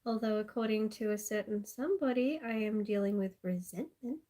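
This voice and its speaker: A woman's voice: mid-range voice, fairly quick, mellow. A woman with an Australian accent chatting casually and sarcastically on a live stream, laughing often.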